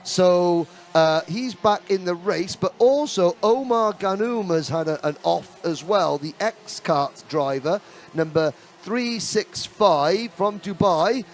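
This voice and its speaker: A man giving live kart race commentary, chatty and excitable, breaking into rapid bursts as the action heats up. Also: sits high, slight background noise.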